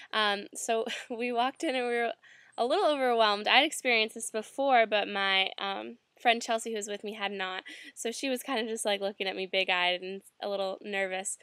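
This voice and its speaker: A woman's voice: a little high, a bit bright, dry recording. A young American woman casually telling a personal story, chatty and full of fillers. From United States. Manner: chatty, many fillers and "like"s, laughs often. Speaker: student sharing a reflection.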